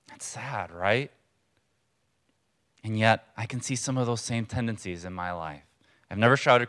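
A man's voice: lowish voice, fairly bright tone. Earnest man preaching a sermon. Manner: conversational, earnest, pauses for emphasis. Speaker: pastor. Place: church hall with congregation.

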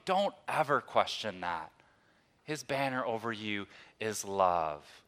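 A married man preaching a conversational sermon, moving between hushed, tender moments and loud, emphatic ones. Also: fairly low pitch, big pitch swings, slow pace. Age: adult, old enough to be married. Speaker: pastor.

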